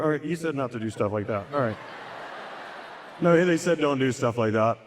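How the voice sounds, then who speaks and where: A man in his thirties or forties doing stand-up comedy, teasing himself and breaking into high, squeaky voices for the people in his stories. His voice has a middle pitch and rings with the long reverb of a large hall. He has a loose, conversational delivery. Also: animated, normal speed, a little hiss or hum. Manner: self-deprecating, jumps into high-pitched voices for quoted people.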